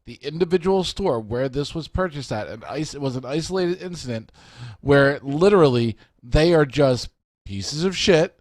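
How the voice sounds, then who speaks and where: A man's voice: on the high side, lively intonation, normal speed, a little mellow, dry recording, clean studio sound. A man co-hosting a casual podcast, blunt and emphatic with crude language. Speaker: podcast co-host.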